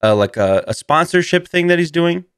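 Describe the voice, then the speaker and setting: A man's voice: fairly high pitch, animated, moderate pace, clear, resonant tone, no echo, clean studio sound. Rambling man hosting a comedy monologue. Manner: rambling and playful, laughs often, jumps into goofy voices. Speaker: host.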